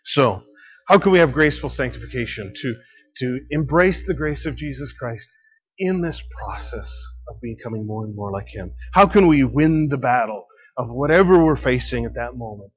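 A man preaching in a relaxed, conversational way, laughing often and swinging between quiet and emphatic. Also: mid-range voice, normal speed, breathy edge, muffled recording. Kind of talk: sermon.

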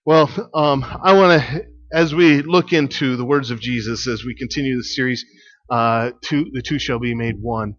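A man's voice: medium pitch, normal speed, lo-fi sound. A man preaching a sermon as pastor, telling stories in a chatty way with fillers and laughter.

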